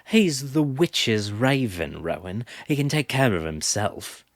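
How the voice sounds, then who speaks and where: A man doing a blunt, gruff young man. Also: sits low, expressive, a little slow, a bit bright, no echo, exaggerated voice. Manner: blunt, clipped.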